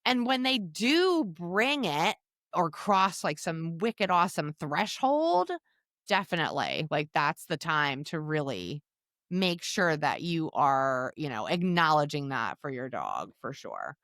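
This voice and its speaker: A woman's voice: low-pitched, takes it slowly, no room sound, clean studio sound. A woman co-hosting a podcast, a dog trainer who also judges matches, chatting with emphatic restarts. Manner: lively, many restarts, emphatic. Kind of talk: casual chat.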